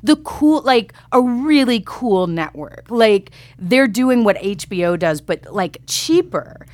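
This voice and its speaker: A woman's voice: on the high side, animated, slow, a little mellow, dry recording. A woman casually telling a story in conversation, chatty and self-deprecating, with many fillers and laughs. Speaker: comedy writer telling a story.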